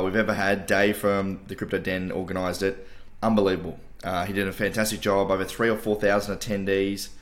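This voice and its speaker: A man's voice: deep voice, a bit bright. A man with an Australian accent, co-hosting a podcast in casual chat, swearing freely and laughing often while hungover. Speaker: podcast co-host.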